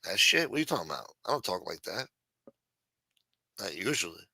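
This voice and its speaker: A man's voice: on the low side, very animated, racing, vocal fry, bright, forceful tone, husky, no echo, poor audio. A man hosting a late-night talk show, ranting bluntly with lots of profanity. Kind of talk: casual talk-show rant.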